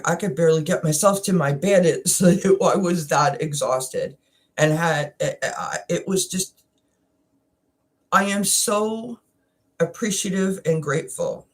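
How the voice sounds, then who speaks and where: A woman from Canada talks slowly and unhurriedly in a casual wellness chat. Her speech is halting and full of restarts, and she sounds emotional, close to tears. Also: low-pitched, husky. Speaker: wellness channel host.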